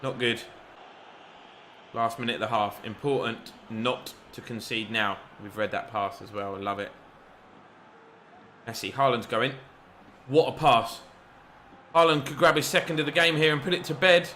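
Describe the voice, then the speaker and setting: Brief: gamer, bright tone, excitable match commentary, faint room ambience. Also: male voice, medium pitch, moderate pace, long pauses, a little hiss or hum. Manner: excitable, shouts at the referee. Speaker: gaming YouTuber. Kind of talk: game commentary.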